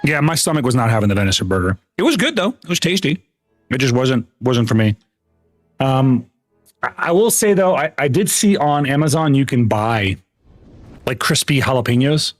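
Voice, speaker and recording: During a gaming livestream, an American man rambles through profane stories in casual chat, restarting sentences and frequently jumping up in pitch. He is animated at a normal speed, with no echo and soft background music.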